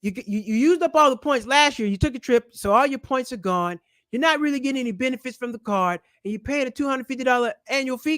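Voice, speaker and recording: A man's voice: very high-pitched, quick pace, fairly bright tone, dry recording. A man giving casual money advice to his viewers, blunt and repetitive, swearing now and then. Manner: blunt, swears, repeats points for emphasis. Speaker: personal finance YouTuber. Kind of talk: casual direct-to-camera advice.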